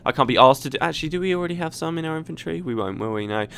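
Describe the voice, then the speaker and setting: Racing along with lively intonation, a man narrates his video game playthrough as a let's play host, chatty, rambling and restarting often. His voice is a little high, creaky and fairly bright, with a clean tone.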